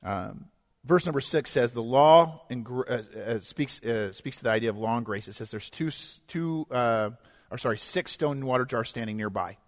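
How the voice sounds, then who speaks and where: A man preaching a sermon as pastor, swinging from hushed to loud and emphatic and acting out quotes. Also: medium pitch, animated, moderate pace. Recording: long echo of a large hall.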